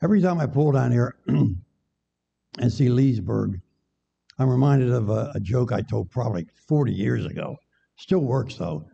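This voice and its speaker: Gravelly older preacher in a church hall. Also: male voice, mid-range voice, expressive, normal speed, mellow. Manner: chatty, joking, banters with congregation. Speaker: guest preacher. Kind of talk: folksy sermon with jokes. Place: church sanctuary. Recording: dull echoey church recording.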